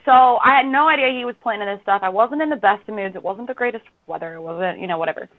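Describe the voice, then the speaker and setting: A woman hosting a podcast in casual chat, telling stories in an animated way and jumping up in pitch when she quotes herself. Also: quick pace. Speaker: podcast host. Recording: tinny phone-like line.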